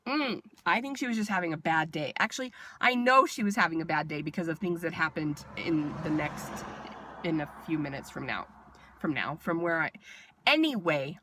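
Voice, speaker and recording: A woman vlogger casually telling a personal storytime with animated asides and fillers. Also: low-pitched, normal speed.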